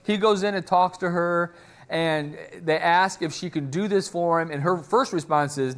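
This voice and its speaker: A man's voice: on the high side, animated, normal speed. A man preaching a sermon, retelling a story in a conversational way. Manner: conversational storytelling, acts out quotes.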